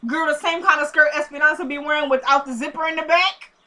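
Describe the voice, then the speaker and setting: A woman's voice: high-pitched, fairly even intonation, fast, bright, forceful tone, rough recording. A woman giving a casual, slangy episode recap, talking straight to her viewers and acting out the characters' lines. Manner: acts out characters' lines while retelling. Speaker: TV episode reviewer.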